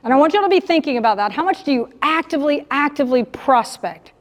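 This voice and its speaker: Woman speaker, high bright-pitched voice, punchy and direct with the crowd, miked on stage in a reverberant conference hall. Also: quick pace. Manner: animated, direct, addresses the audience as y'all. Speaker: sales coach speaking at a breakout session. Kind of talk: live motivational keynote talk.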